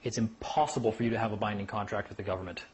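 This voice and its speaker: A man's voice: lowish voice, rapid-fire, a little hiss or hum, rough recording. A man giving a casual talk on legal rights to a small group, telling stories and acting out voices. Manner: animated storyteller who acts out voices.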